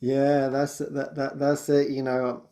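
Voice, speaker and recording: A man's voice: medium pitch, completely flat delivery, slow pace, dark tone. A man sharing personal spiritual experiences in conversation, earnest and laughing often, repeating words as he searches for them and acting out his own thoughts. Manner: storytelling, acts out his own inner voice.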